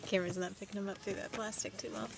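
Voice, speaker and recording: Gravelly-voiced woman with playful quips. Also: medium pitch, little pitch movement, fast, loud music behind the voice. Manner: playful, short teasing remarks. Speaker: off-camera companion chiming in. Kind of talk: casual banter.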